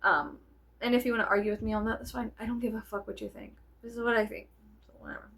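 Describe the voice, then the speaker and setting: Casting: young adult woman, vlogger, higher voice with some fry, animated and profane storyteller who laughs a lot. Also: quick pace. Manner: animated, profane, digresses with many fillers; laughs often. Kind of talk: casual storytelling vlog.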